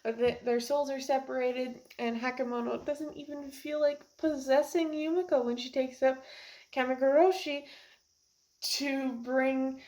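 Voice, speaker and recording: A woman's voice: high voice, flat delivery, unhurried, warm tone. A young woman talking casually about a book she just finished, emotional and rambling, laughing and close to tears. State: teary. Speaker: book reviewer. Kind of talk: casual book review vlog.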